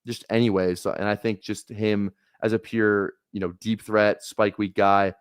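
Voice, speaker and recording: A man's voice: fairly low pitch, little pitch movement, normal speed, smooth, no echo, studio quality. A man casually rambling on a live stream while drafting fantasy football, talking loosely with filler words and the odd curse. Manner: laid-back rambling with frequent laughs and swearing.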